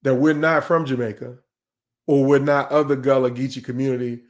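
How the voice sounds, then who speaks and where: A middle-aged man leads a live online leadership talk in a mid-range voice that is neither high nor low. His delivery is conversational and emphatic, and he sometimes doubles back on words as he presses a point. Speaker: leadership speaker hosting a live session.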